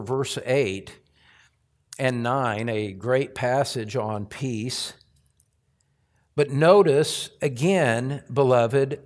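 Male pastor preaching in a church, slow and deliberate, slightly higher voice, emphatic lists that trail off quietly. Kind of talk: sermon. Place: church sanctuary.

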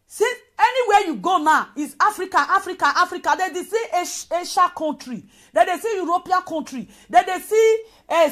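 A woman from Nigeria with a Nigerian accent, delivering an impassioned rant on a live video. She swings between shouting and low muttering. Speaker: returned migrant speaking out.

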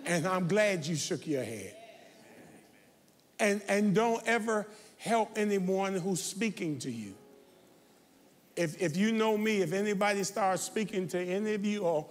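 Fiery high-voiced preacher man. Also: animated, measured pace. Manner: fiery, confrontational preaching with rising shouts. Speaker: pastor. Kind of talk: sermon. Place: large church sanctuary. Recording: reverberant church sanctuary.

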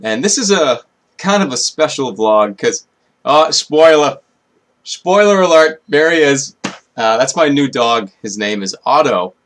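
A man's voice: mid-range voice, animated, unhurried, fairly bright tone. A man making a casual vlog in his room, upbeat and calling to his dog in a raised voice. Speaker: vlogger.

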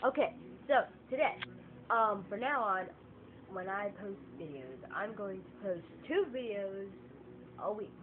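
A woman vlogs to her phone camera in a casual, exasperated opinion rant, animated and repeating herself for emphasis. Her voice is mid-range and a little slow, and the tinny lo-fi phone audio carries faint noise.

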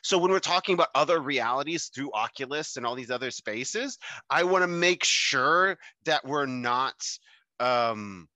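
A man's voice: medium pitch, animated, a little slow, pushed and bright, dry recording. A man speaking as a podcast guest in a casual interview. He rambles, restarts his sentences and leans heavily on filler words. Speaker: podcast guest, mushroom competition co-founder.

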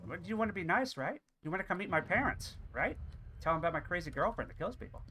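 Over horror game music, a man provides let's-play commentary as he plays, yelping, laughing, and joking back at the character pursuing him. He talks fast in a high, bright, forceful voice with lively intonation, against slight background noise.

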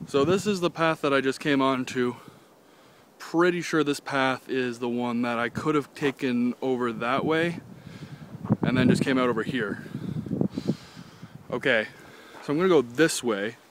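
A young Canadian man films himself on a handheld phone while walking outdoors beside a golf course pond, rambling, joking, and swearing casually in a vlog. His voice is mid-range and his pace measured, with frequent pauses. A little hiss or hum sits under the recording.

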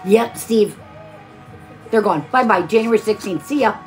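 A woman's voice: mid-range voice, moderate pace, a little mellow, faint music behind. A tired woman hosting a live stream, chatting casually while she crafts and greeting viewers by name with pet names.

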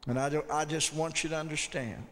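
Man, pastor, sermon, slightly high voice, hall echo. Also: fairly even intonation, fairly quick, a bit bright. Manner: folksy storytelling with audience call-outs. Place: church sanctuary. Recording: long church hall reverb.

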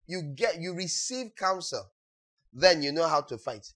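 A man preaching a sermon as pastor, acting out quotes and breaking into sudden shouts. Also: fairly high pitch, expressive, measured pace.

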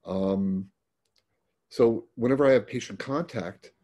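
A middle-aged paramedic guest tells conversational stories about his work in a plain-spoken manner, frequently starting over. His voice is fairly low and warm, and he speaks unhurriedly.

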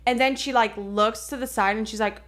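A woman's voice: a little high, fairly even intonation, brisk, a bit bright. Rambling young woman telling a story. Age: young adult. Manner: rambling storytelling, heavy "like" fillers, frequent swearing. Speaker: podcast co-host. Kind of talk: casual chat.

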